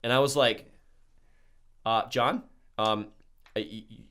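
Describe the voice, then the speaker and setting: His voice is lowish, clear and resonant, and he speaks slowly while casually relating a wild tale on a podcast. The young man is animated, swears often, and plays out the quoted dialogue.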